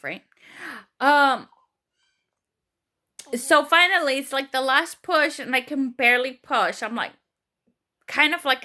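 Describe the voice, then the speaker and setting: A young woman vlogger telling a personal story casually, full of fillers, acting out what others said. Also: high voice. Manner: animated retelling, acts out quoted voices, many fillers.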